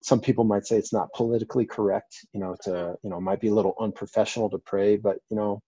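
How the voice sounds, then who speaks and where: A man's voice: fairly low pitch, level tone, fast talker, mellow, husky, no echo. A man, a firefighter and paramedic, telling a story in a casual interview in an earnest, rambling way with many fillers. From Colorado, US. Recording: dull lo-fi dry audio.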